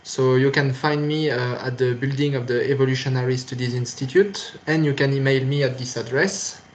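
A man's voice: medium pitch, fairly even intonation, moderate pace, a little hiss or hum. A man with a French accent, a native French speaker, giving a recorded university lecture in a hesitant, patient way with many fillers and restarts.

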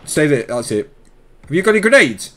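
This young man calls out enemies in a lively, up-and-down voice and breaks into laughter often. He talks with his duo partner in a casual streaming chat, over a faint background hiss. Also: fairly high pitch, fairly quick. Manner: laughing often, excited callouts.

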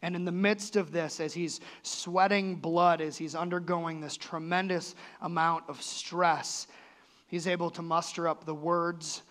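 A man's voice: fairly high pitch, little pitch movement, unhurried, a bit bright. A male pastor giving a sermon in a church, earnest and conversational, his voice rising and falling sharply. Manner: earnest, conversational preaching with sudden lifts and drops in voice.

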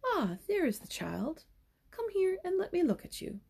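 A kind, brisk old grandmother from a storybook, voiced by a woman reading aloud. Her voice is gentle, with a lightly raised pitch, and it sounds gravelly and a bit husky. The tone is dark and mellow. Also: lively intonation, exaggerated voice.

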